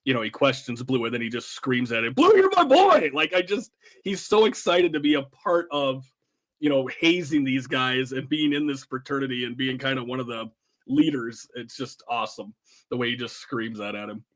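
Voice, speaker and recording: A man's voice: medium pitch, moderate pace, fairly bright tone. A man hosting a podcast, chatting casually and enthusiastically about a comedy film and quoting its lines. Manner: enthusiastic, quotes movie lines. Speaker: podcast host. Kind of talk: casual chat.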